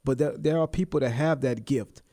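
A man in his thirties co-hosting a faith podcast, talking in a halting way with many fillers and restarts. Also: mid-range voice, dark tone, dry recording, studio quality. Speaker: co-host. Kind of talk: casual faith podcast conversation.

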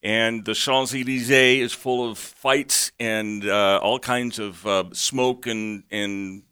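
A man's voice: on the low side, steady tone, slow pace, bright, forceful tone, clean tone. A man co-hosting a talk radio show, explaining news stories with opinionated context. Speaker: radio co-host.

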